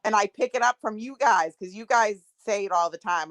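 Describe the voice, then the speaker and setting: A woman's voice: mid-range voice, fairly quick, a bit bright, no echo, soft background music. A woman chatting casually as a guest, teasing and laughing easily. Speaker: guest on a chat stream. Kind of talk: casual chat.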